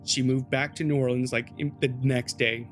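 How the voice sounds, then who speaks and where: A man's voice: medium pitch, steady tone, moderate pace, faint music behind. A man hosting a podcast, telling a true-crime story in a loose, chatty way with swearing and asides to his co-host.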